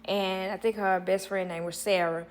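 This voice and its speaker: Young adult woman, host retelling drama with lively acted-out quotes, mid-range voice. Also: medium pitch, normal speed. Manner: animated, dramatic voicing of quoted people. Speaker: storytelling host of an advice channel. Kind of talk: casual storytime retelling.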